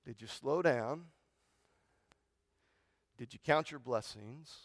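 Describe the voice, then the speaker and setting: A man preaching a sermon in a conversational way, often asking "right?" and repeating words, moving from hushed, reverent lines to loud, excited ones. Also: medium pitch, slow pace, no room sound. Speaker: pastor.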